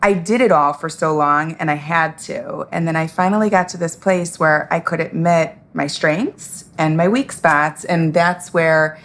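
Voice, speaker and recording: A woman speaking as a guest founder in a relaxed conversation, upbeat and chatty, laughing as she talks. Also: low voice, unhurried, few pauses. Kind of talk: casual chat.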